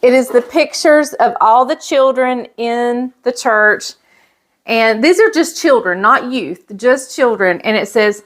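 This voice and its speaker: A middle-aged woman talks in a gushing, chatty way, full of little fillers and soft sighs of delight. Her voice sits a touch high for a woman, and she sounds warmly moved throughout. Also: measured pace. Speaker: pastor's wife and vlogger. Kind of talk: casual show-and-tell chat.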